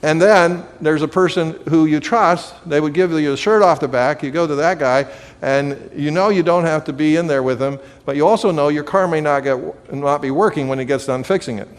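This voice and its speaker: A man's voice: fairly high pitch, moderate pace, clear, resonant tone. Man lecturing in a reverberant hall. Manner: conversational, with filler and anecdotes. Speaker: teacher. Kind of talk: lecture to a live audience.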